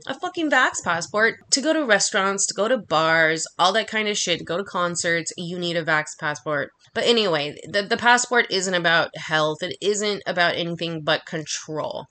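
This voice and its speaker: A woman delivering an angry, profanity-laced monologue, talking fast and heatedly. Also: lowish voice, animated, pushed and bright. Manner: heated, swearing constantly, rapid rant.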